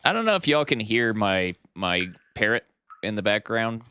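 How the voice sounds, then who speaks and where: Low-voiced, lively man streaming a game. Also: normal speed, smooth, dry recording. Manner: chatty, thanks viewers, thinks aloud while playing. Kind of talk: casual live-stream chat while gaming. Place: home streaming setup.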